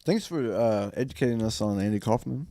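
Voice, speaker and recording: A man co-hosting a casual talk show who jokes around and chimes in with quick agreement. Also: medium pitch, expressive, warm tone, dry recording. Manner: joking, quick affirmations. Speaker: co-host. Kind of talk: casual chat.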